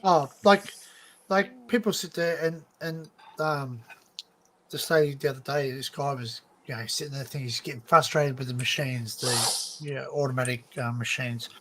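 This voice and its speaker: An Australian man hosting a livestream, casually telling animated work stories and acting out both sides of each exchange. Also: medium pitch, moderate pace. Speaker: livestream host; retail worker.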